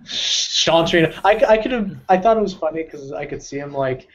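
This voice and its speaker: A man's voice: on the high side, expressive, moderate pace. A man co-hosting a casual podcast about a video game, eager and chatty, often jumping in. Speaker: podcast co-host.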